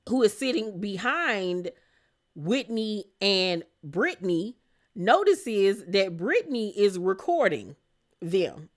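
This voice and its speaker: A woman recapping a reality TV episode in casual commentary, sassy and animated, laughing and exclaiming as she goes. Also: mid-range voice.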